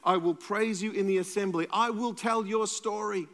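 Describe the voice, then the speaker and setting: A man preaching a sermon as pastor, earnest and moving between urgent and hushed delivery. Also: high voice, steady tone, moderate pace. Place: church hall. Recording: long church reverb with faint music.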